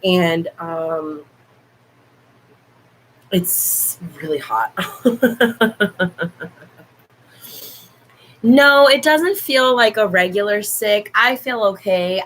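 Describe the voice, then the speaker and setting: Hoarse young woman on her stream, talks slow and affectionate to her viewers, kinda low voice. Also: slight background noise, low-quality recording. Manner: chatty, affectionate toward viewers. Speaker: livestream host. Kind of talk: casual livestream chat.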